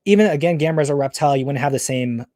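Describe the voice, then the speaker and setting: A man hosting a podcast, casually retelling a story pitch in a rambling, enthusiastic way. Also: very fast, darkish tone, dry recording, clean studio sound. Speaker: podcast host.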